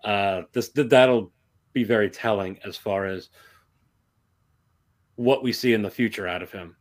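A man appearing as a guest on a podcast, giving measured, analytical takes in a casual discussion. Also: on the low side.

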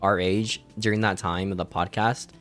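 A man's voice: deep voice, steady tone, normal speed, a bit bright, faint music behind. A young man co-hosting a casual podcast, slangy and joking. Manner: joking, slangy, mock-dramatic. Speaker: podcast co-host.

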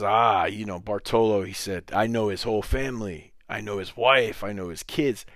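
A man with a fairly low voice tells a casual story for his podcast. He gets animated and jumps up in pitch when he quotes other people. The sound is dry and close, with no room echo. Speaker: podcast host.

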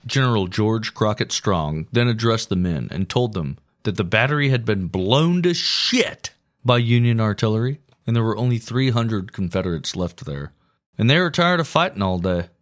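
Low voiced dude cussing his way through a history story, casual podcast. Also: animated, normal speed. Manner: crude, profane, storytelling. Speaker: podcast host telling history.

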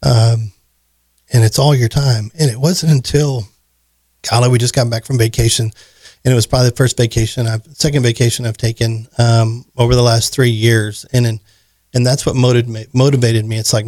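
A man's voice: medium pitch, flat delivery, moderate pace, a little mellow, no echo, clean studio sound. A man talking earnestly on a podcast about running his business, reflective and repeating himself. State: choked up. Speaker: podcast guest, business owner. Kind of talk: casual conversation.

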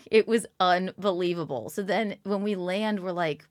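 A woman's voice: fairly low pitch, a little slow, no room sound, studio quality. A woman comedian from South Carolina, a guest in a casual podcast chat, chatty, laughing and self-deprecating. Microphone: studio microphone.

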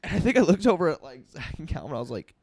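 A young man in casual podcast chat, swearing freely and telling an animated story full of quoted asides. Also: fairly high pitch, racing, creaky.

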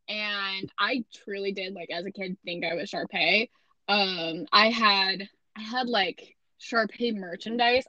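Bright playful Midwestern American woman. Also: medium pitch, dry recording, lo-fi sound. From Midwestern United States. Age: 20s. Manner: playful and self-mocking, animated storytelling. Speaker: podcast co-host. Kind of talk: casual podcast chat.

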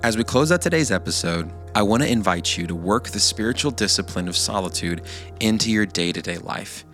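A man hosting a podcast, giving calm, encouraging closing remarks. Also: on the low side, fairly quick. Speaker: podcast host. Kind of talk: closing remarks over music. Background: faint guitar music.

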